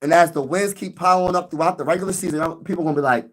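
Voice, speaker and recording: A man chats excitedly on a fan livestream, his voice sitting a little high for a man. He repeats his points and calls out to viewers as y'all and bro. The phone he streams from has no mic plugged in, and the audio crackles on his louder notes. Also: quick pace, hardly any pauses. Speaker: sports livestream host. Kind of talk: casual fan livestream chat. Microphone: phone with no external mic.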